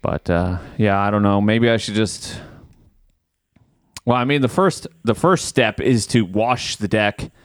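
A man's voice: lowish voice, a little slow, no echo, clean studio sound. A man hosting a podcast, telling a story in casual chat, swearing freely and acting out his own exasperation. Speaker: podcast host.

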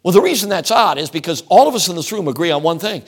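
A middle-aged man preaching with a fairly high voice that leaps up and drops low. He hammers home his points in rhythmic, repeated phrases. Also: lively intonation, fast, husky. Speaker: traveling preacher. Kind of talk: sermon.

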